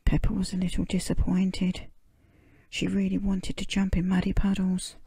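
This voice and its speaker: A woman reading a children's storybook aloud in a breathy whispered role-play, slow and soothing. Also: mid-range voice, monotone, warm tone, dry recording. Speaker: storybook reader.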